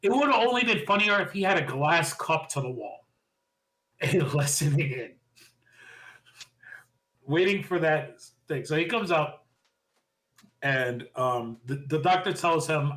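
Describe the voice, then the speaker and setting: A man co-hosting a podcast, excitedly retelling a wrestling show and acting out quotes with lots of laughter. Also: on the high side, a little slow, long pauses. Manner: excitable storyteller, laughs often, acts out quotes. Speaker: podcast co-host. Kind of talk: casual wrestling recap chat.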